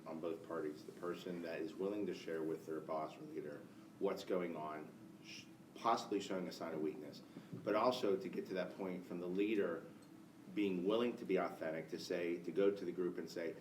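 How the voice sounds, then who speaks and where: A very deep-voiced man asks a long question from the audience, circling back and restarting as he searches for words. He is picked up from far across an echoey room, with a faint hiss behind him. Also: a little fast. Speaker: audience member asking a question. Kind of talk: spoken question from the floor.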